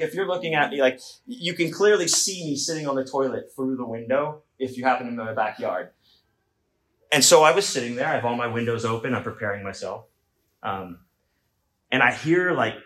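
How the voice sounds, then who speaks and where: Man, middle-aged, comic storyteller, conversational, self-mocking, echoey room. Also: medium pitch. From Houston, Texas. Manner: conversational, self-mocking, acts out shouts in quoted voices.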